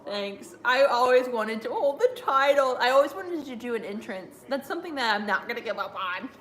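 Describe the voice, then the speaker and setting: A woman's voice: fairly high pitch, animated, brisk, a bit bright. Woman, streamer, casual chat, giggly, jokey, reads chat aloud, echoey room. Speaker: streamer reading chat during a watch-along.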